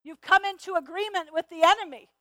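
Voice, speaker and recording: A middle-aged woman teaching a sermon in an earnest way, often repeating words as she starts, and slowing down to stress key phrases. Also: very high-pitched, pushed and bright, no echo. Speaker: Bible teacher.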